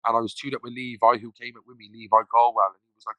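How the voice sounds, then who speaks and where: Man, podcast guest; bright, forceful voice, dry close sound, loose rambling storytelling with swearing. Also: medium pitch, level tone, quick pace, few pauses, no room sound, muffled recording. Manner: rambling, swears freely, acts out quoted voices. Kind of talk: casual storytelling.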